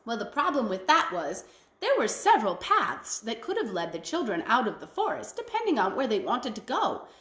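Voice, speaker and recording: A woman storyteller telling a traditional tale in an expressive, folksy way. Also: on the high side, echoey room. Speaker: library storyteller. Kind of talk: oral storytelling.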